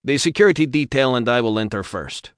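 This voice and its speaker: A man's voice: medium pitch, animated, fairly quick, clear, resonant tone, no echo, studio quality, pitched above the performer's own voice, lightly acted. A man voicing a confident, commanding male engineer with formal speech, in an audiobook.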